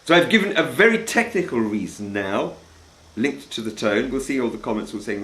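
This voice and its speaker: A man's voice: medium pitch, lively intonation, a little fast, a bit bright, roomy sound, slight background noise. Blunt, opinionated male violin teacher. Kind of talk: demonstrative violin lesson with playing. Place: indoor room with a door. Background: violin playing between phrases.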